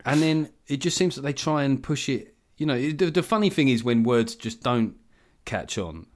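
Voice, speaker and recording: A man in his forties holds forth in a relaxed chat, opinionated and openly exasperated. He talks at an ordinary middle pitch and swears freely. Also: normal speed. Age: 40s. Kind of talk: casual chat.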